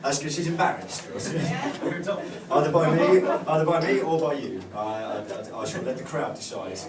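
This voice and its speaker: A man with a fairly high voice speaks at a normal pace during a stand-up set at a comedy club. He rambles and hesitates, restarting often and leaning on fillers. The sound is distant and roomy, with a loud, laughing crowd.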